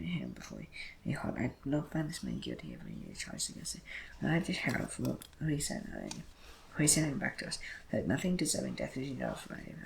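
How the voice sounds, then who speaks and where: A man reading scripture aloud in a brisk way, often slipping and correcting himself as he goes. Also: medium pitch, gravelly, slight background noise, rough recording. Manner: brisk reading with frequent slips and self-corrections. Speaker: Bible reader.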